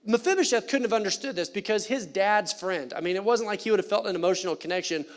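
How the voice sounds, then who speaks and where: A man delivers a church sermon in a fairly high voice. He talks to the congregation in an animated, conversational way and drops playful asides between points. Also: quick pace. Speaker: pastor. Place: church sanctuary.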